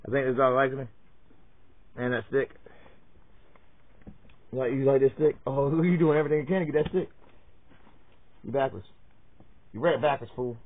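A man's voice: mid-range voice, steady tone, moderate pace, long pauses. A man chatting playfully with his dogs at home while filming them, teasing them and swearing freely. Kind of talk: casual talk to pets while filming. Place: inside a home. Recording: tinny, phone-like sound.

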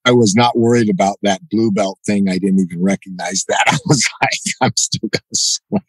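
A man's voice: lowish voice, moderate pace, dry recording, low-quality recording. A middle-aged man telling a story as a podcast guest, acting out the dialogue and often tossing in "you know" and "right?". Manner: animated, acts out quoted dialogue, frequent "you know" and "right?". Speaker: podcast guest, jiu-jitsu black belt. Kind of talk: casual storytelling interview.

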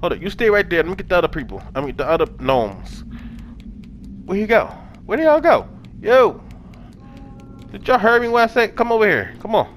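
A young man narrates his gameplay in a loose, slangy, profane way, coaxing and cheering the little characters on screen. His voice sits high and swings widely in pitch, and there is a faint hiss under the recording. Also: brisk, pauses often. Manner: animated, talks to game characters in slang, swears often. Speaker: gaming channel host. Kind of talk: casual let's-play commentary.

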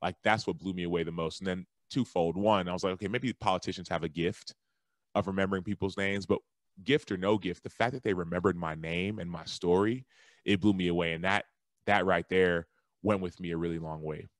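Man, low voice, dry close sound, excited storyteller, casual podcast guest. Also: a little fast, no echo. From Texas. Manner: animated storyteller, jumps to high excited voices when quoting himself. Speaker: guest, former football linebacker and author.

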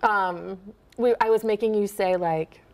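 Woman, dialect coach, Minnesotan accent, gravelly fry, animated and giggly, demonstrates words slowly. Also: mid-range voice. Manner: animated, laughs often, models sounds slowly. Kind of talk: casual interview, demonstrating accents.

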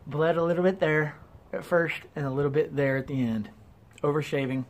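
Slightly high-voiced man with an Ohio accent, chatty, self-deprecating shaving vlogger. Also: fairly even intonation, fairly quick. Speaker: wet shaving YouTuber. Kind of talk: casual product review. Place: porch at home.

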